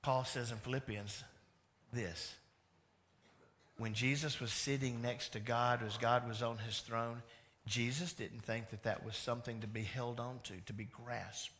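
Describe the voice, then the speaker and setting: A man preaching a sermon as pastor, animated, moving between loud emphatic lines and hushed ones. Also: medium pitch, measured pace.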